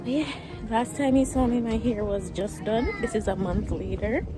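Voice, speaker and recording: A woman's voice: on the high side, moderate pace, music in the background. A woman from Jamaica with a Jamaican accent, chatting casually while walking outdoors for her vlog, out of breath and laughing often. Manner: chatty, laughs often, uses patois phrases. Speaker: vlogger. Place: outdoors on a street.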